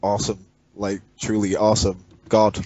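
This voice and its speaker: A man's voice: lowish voice, little pitch movement, moderate pace, dark tone, dry recording, highs cut off. Blunt northern English man. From England. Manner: blunt, swears freely. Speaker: podcast guest, former commissioner. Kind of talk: casual podcast chat.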